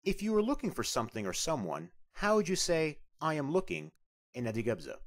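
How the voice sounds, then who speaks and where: A man's voice: fairly high pitch, wildly swooping pitch, a little fast. A man teaching a beginners' language lesson, asking questions and then repeating each answer twice, patiently.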